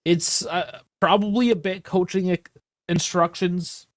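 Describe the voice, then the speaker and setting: A man co-hosting a casual sports podcast, laid-back and measured, laughing easily. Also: high-pitched, fairly even intonation, no room sound, clean studio sound. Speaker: podcast co-host.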